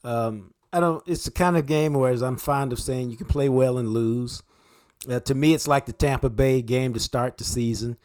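A man's voice: mid-range voice, moderate pace, darkish tone. Laid-back, blunt male football analyst. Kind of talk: casual sports talk.

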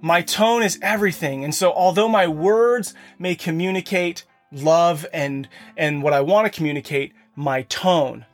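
Faint music plays behind a man in his thirties or forties whose higher voice moves a little slowly with hardly any pauses. Hosting a podcast for dads from his home office, he delivers an earnest pep talk aimed straight at listeners.

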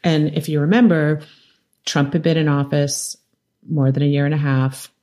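A middle-aged woman, a documentary director, telling animated stories in a podcast interview and acting out quotes. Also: sits low, moderate pace. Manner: animated storytelling, laughs often, acts out quotes. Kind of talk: conversational interview.

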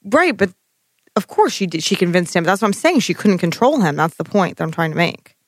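A podcast co-host chatting about a show, laughing often and thinking out loud with casual swearing. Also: medium pitch, big pitch swings, a little fast, dry recording, studio quality. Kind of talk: casual recap chat.

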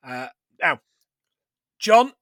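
Sweary, high-pitched man. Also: extremely slow, no room sound, clean studio sound. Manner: sweary, laughing, animated storytelling. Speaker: podcast co-host. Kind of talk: casual film recap chat.

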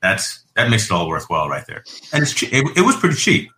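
A man hosting a casual tech podcast chat, relaxed and conversational, often restarting his phrases. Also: lowish voice, brisk, a little hiss or hum. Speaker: podcast host. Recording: echoey room.

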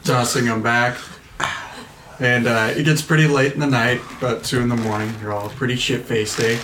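A man's voice: mid-range voice, fairly even intonation, moderate pace, distant mic, noisy background. Guy running a tabletop game, chill rambly scene setting, sits back from the mic in an echoey room. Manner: casual, loose scene-setting with fillers. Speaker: game master.

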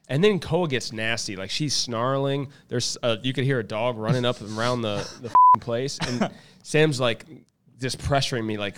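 A man's voice: medium pitch, lively intonation, normal speed, fairly bright tone, slight background noise. A man chatting casually who tells a story with animation and acts out his own lines. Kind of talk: casual chat.

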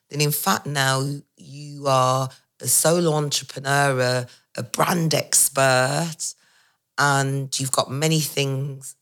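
Woman, brisk, encouraging host. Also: extremely low pitch, fairly bright tone. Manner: quick, encouraging, affirming the guest. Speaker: podcast host. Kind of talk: interview questions.

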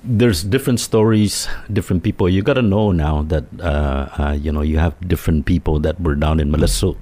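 Deep-voiced man from telling stories. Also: a little fast. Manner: rambling, animated storyteller with many restarts and quoted voices. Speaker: co-host telling ghost stories. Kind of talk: casual storytelling chat.

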